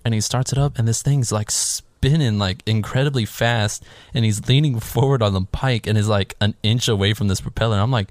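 Low-voiced man recapping a movie casually. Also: normal speed, dry recording. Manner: animated storytelling, swears freely, acts out his own reactions. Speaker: podcast co-host recapping a film. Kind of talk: casual chat.

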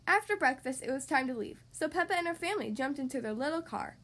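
Expressive woman reading a children's story. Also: sits high, fast. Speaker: podcast host reading aloud. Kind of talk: children's story read-aloud.

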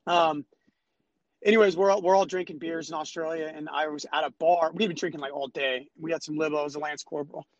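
A young man speaking as a guest in a casual chat, relaxed and rambling. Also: on the high side, fast talker, dry recording. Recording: dry, slightly dull sound.

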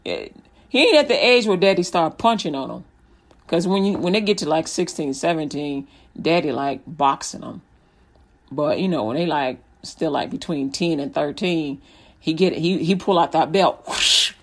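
A woman's voice: sits low, expressive, normal speed. A woman hosting a Christian radio show, preaching in a casual, joking way, often laughing and acting out little scenes as she talks. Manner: laughs often, storytelling with acted-out quotes.

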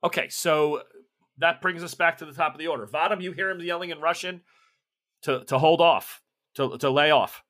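A man's voice: on the high side, normal speed, fairly bright tone. Chatty man running a tabletop game. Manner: loose, chatty, many restarts. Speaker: game master.

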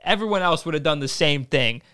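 A man's voice: on the high side, expressive, a little fast, sharp tone, smooth. A man hosting a casual chat who keeps echoing his guest's punchlines and giving short replies. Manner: echoes the guest's lines, short backchannel replies. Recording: noisy, hissy recording.

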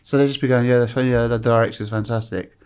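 A man's voice: mid-range voice, fairly even intonation, fast talker, darkish tone, smooth. English man, podcast guest, anecdotal storytelling, swears, laughs through stories, acts out voices. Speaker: guest, former football TV presenter. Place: podcast studio.

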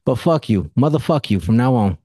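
A man's voice: mid-range voice, big pitch swings, fairly quick, dark tone, no room sound, clean studio sound. A man hosting a casual podcast conversation, telling blunt stories and swearing freely. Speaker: podcast host.

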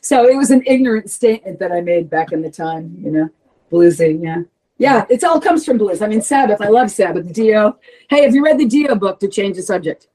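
A woman singer talking candidly in a casual interview, swearing freely and breaking into animated asides. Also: medium pitch, brisk, rough recording. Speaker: heavy metal vocalist, interview guest.

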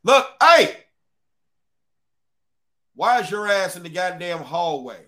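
A man's voice: high voice, lively intonation, moderate pace, a bit bright. A man playing a bored veteran guarding a school, barking profane drill-sergeant orders. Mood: yelling.

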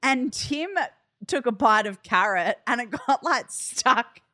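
Speaking slowly in a slightly high voice, a podcast co-host chats casually and tells stories, laughing often. Her giggly, animated manner comes through in a studio-quality recording without room sound.

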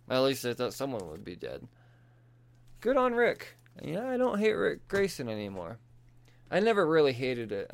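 Smooth-voiced man recapping comics. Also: fairly high pitch. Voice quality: profane, laughs often. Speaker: comic book reviewer. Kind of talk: casual comic book recap.

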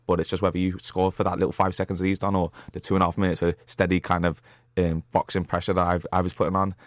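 A young man, a professional boxer speaking candidly as a guest in a radio studio, halting with many fillers and restarts. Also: low voice, little pitch movement, dry recording. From Liverpool, England. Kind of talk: candid interview talk.

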